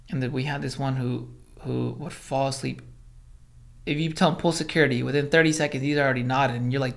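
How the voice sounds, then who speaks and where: A man from Los Angeles, a former Army Ranger, telling stories as a podcast guest, animated, swearing, acting out quotes. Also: mid-range voice, gravelly. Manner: animated storyteller, acts out quotes, swears, many fillers. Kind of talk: casual storytelling in interview.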